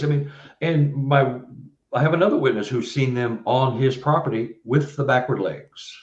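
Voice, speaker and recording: A man's voice: medium pitch, moderate pace. A man from Missouri, a guest on a video call, talking casually and rambling with many fillers. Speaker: guest researcher. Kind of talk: casual interview talk. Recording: roomy, dull video-call audio.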